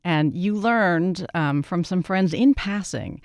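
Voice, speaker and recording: A woman hosting a radio interview, asking measured, probing questions. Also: on the low side, lively intonation, darkish tone, no echo, clean studio sound. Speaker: radio host.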